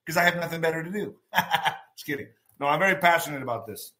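Bright-voiced excitable male news ranter. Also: a little high, quick pace, a little hiss or hum. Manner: excitable, sarcastic, laughs at his own jokes. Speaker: political commentary vlogger. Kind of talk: reading and ranting about news.

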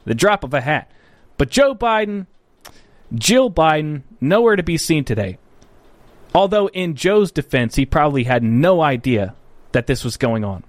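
A man's voice: a little high, sing-song, measured pace, dry recording. A man hosting a political commentary livestream. He talks bluntly and profanely, rambles, corrects himself often and answers viewer chat.

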